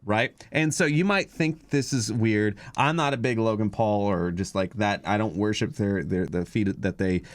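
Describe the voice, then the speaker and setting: A man's voice: fairly low pitch, moderate pace, hardly any pauses, dry recording. A man hosting a podcast in casual chat, rambling and hesitant, full of fillers, on a podcast microphone. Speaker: podcast host.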